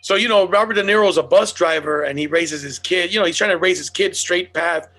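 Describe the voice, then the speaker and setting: A man's voice: sits high, brisk. A man telling stories in casual, profane chat as a podcast host. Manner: animated storyteller, swears a lot.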